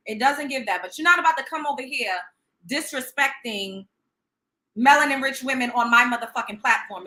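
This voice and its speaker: A woman hosting a livestream delivers a profane, sarcastic, emphatic rant. Her voice is high and sharp, and the recording has a roomy echo.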